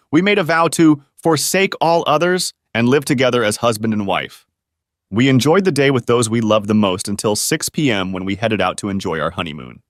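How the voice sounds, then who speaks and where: A man's voice: mid-range voice, fairly bright tone, dry recording, studio quality. A man narrating a first-person relationship story, speaking in an earnest, confrontational storytelling manner.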